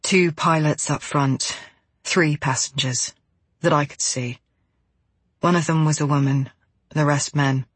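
A terse, shaken male diver who gives flat, clipped answers in a husky, breathy voice, as a woman reading an audiobook puts him on. The recording is dry and close. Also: low-pitched, unhurried, long pauses, no echo. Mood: grim. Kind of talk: audiobook character voice.

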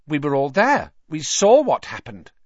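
A nervous, stubborn young wizard, put on by a man, speaks in a raised, lively voice, solemn and conspiratorial, with his voice dropping to a hush. The storybook recording is dry and a little muffled. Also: fairly high pitch, measured pace, no echo, pitched above the performer's own voice, full character voice. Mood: defensive. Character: fearful, stubborn pure-blood schoolboy wizard. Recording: dry, slightly muffled audio.

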